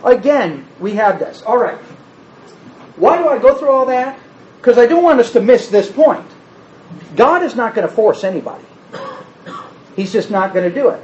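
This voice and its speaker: A man preaching an expository sermon, animated, acting out quoted speech. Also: very high voice, normal speed, pauses often. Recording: dull roomy sound, faint ambience.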